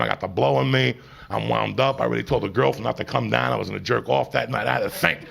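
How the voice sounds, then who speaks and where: A man telling a profane stand-up story, animated and loud at times, with a gravelly, husky voice. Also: mid-range voice. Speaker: stand-up comedian.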